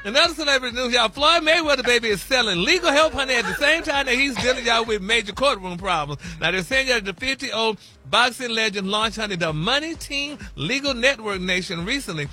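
A man reporting celebrity gossip on a radio show, flamboyant and animated, calling everyone "honey" and "y'all". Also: extremely high pitch, a little fast, few pauses.

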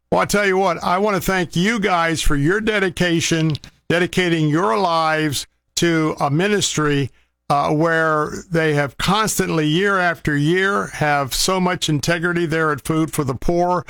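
A man's voice: a little high, a bit bright, smooth, dry recording, studio quality. A man hosting a faith talk show, making a heartfelt, rambling fundraising appeal with many restarts.

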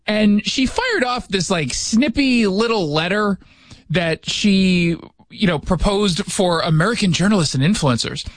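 A middle-aged man hosts a studio radio talk show, his high voice animated and a little slow, with no echo. He riffs sarcastically on politics in a casual way, interrupting himself with jokes.

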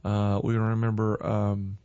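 A man's voice: lowish voice, completely flat delivery, measured pace, dark tone, clear, resonant tone, no echo, lo-fi sound. A middle-aged man hosting a casual chat, laughing at his own corny jokes and speaking in an earnest, folksy way. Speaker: online show host.

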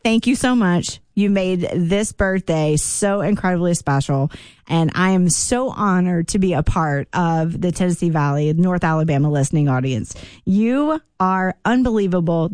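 In a lowish, slightly mellow voice with no echo, a woman hosts a morning radio show from a studio. Her casual on-air chat is effusive and full of ums, with some playful teasing.

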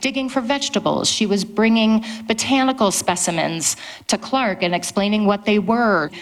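A woman historian speaking at a public event, telling history in a lively storytelling way. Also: mid-range voice, normal speed.

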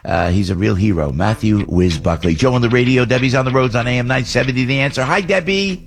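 A man hosting a talk radio show, excitable and chiming in with frequent affirmations. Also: mid-range voice, fast. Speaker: radio host.

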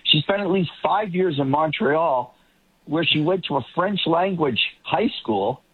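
Man on a phone-like line, husky. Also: on the high side, lively intonation, a little slow. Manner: conversational, frequent restarts. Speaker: political commentator. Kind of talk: roundtable discussion.

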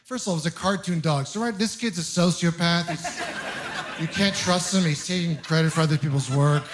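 Young guy doing standup, kinda high voice, fed up and joking at himself. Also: noisy background. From Canada (Ontario). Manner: self-deprecating, exasperated storytelling with quick asides. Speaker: stand-up comedian. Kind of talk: stand-up comedy set. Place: comedy club stage with audience laughter.

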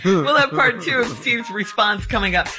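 A man co-hosting a radio show, giving calm, measured advice and leading into the break. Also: extremely high pitch, faint music behind. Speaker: radio co-host.

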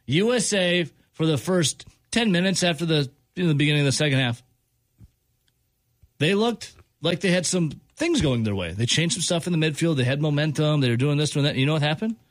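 A man's voice: on the high side, lively intonation, brisk, dry recording. A male sports talk host in an exasperated rant, hammering the same point over and over. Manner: exasperated, repeats points with emphasis.

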